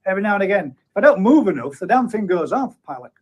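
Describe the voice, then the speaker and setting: A man's voice: sits high, very animated, fast talker, a little mellow. A man hosting a live stream, chatting in a matey way and reading out viewer comments with frequent chuckles. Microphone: streaming setup at a computer.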